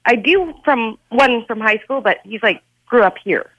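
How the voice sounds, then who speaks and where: A woman's voice: a little high, lively intonation, moderate pace, no room sound, dull audio. Giggly, hesitant woman radio caller.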